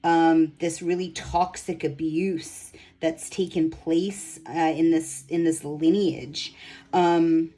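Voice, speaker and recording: Low-voiced woman guiding an energy session. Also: fairly even intonation, takes it slowly, rough recording. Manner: meandering, full of ums and likes; gently instructive, guiding a client. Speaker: spiritual energy healer. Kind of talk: guided energy healing session.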